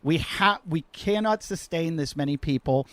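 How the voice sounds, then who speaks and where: A man with a fairly high voice hosting a podcast, riffing in an animated, rambling way and poking fun at himself. His voice is dry and close, with little room sound around it, and it carries the loose energy of a remote call between friends. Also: moderate pace, dry recording. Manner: animated, rambling, self-mocking. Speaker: podcast host. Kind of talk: casual joking chat.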